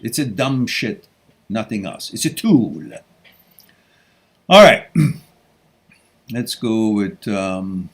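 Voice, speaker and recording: Male stream host, husky low voice, unhurried, lively swings in pitch. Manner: animated, breaks into chanting and shifts between loud and hushed. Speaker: host answering viewer questions. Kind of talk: live Q&A stream.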